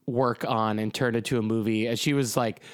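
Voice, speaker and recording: A man's voice: on the low side, steady tone, brisk, clean tone, no room sound. A man co-hosting a casual podcast chat about movies, rambling and joking with loose swearing. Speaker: podcast co-host.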